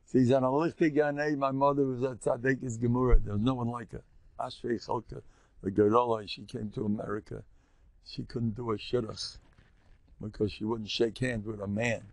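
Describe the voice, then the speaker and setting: A man's voice: mid-range voice, dry recording. An older man, a rabbi giving a rambling, joking religious lecture and teasing his listeners.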